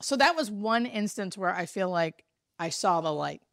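A woman, a hospice nurse telling a story in casual chat, animated and full of fillers. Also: mid-range voice, moderate pace, creaky, no room sound, studio quality. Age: 30s.

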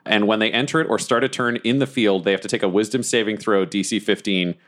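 A man with a low voice plays a tabletop game. He explains his character's rules clearly and jokes with the table. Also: steady tone, fast talker, fairly bright tone. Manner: joking, explains rules plainly. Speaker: player. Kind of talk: casual tabletop play.

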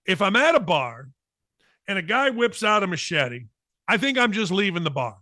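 Middle-aged guy hosting a talk show, jokey, riffing on weird news, bright tense voice. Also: high voice, moderate pace, dry recording, studio quality. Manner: animated, jokey, riffs off the stories. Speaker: sports talk show host. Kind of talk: casual monologue reading news stories.

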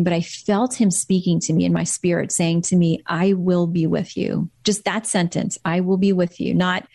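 A woman's voice: on the low side, a little mellow, no echo. A woman guest in a candid interview, talking earnestly and reflectively about her faith.

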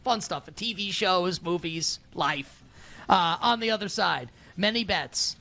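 A man co-hosting a sports betting podcast, answering calmly and firmly in short replies. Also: sits high, slow, vocal fry. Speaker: podcast co-host. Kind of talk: casual sports betting chat.

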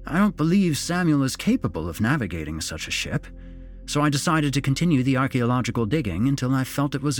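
A man voicing a strange, evasive middle-aged father who talks with robotic, insistent calm. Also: mid-range voice, pitched above the performer's own voice, lightly acted.

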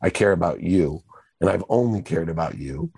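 A man's voice: sits low, lively intonation, moderate pace, creaky, a loud crowd. An older man, a guest entrepreneur, telling his story in an earnest, motivational way during a casual interview.

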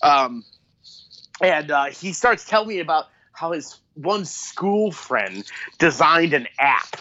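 A man in his thirties co-hosting a podcast, telling profane, animated stories in casual chat and mimicking people as he goes. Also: a little high, slow, highs cut off. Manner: profane, animated storytelling with mock voices. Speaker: podcast co-host.

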